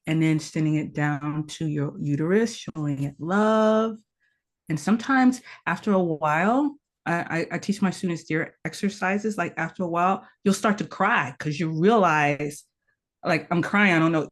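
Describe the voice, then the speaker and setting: A woman guest on a podcast, teaching tantra practice in an earnest, instructive way and repeating her key points. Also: deep voice. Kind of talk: conversational podcast interview.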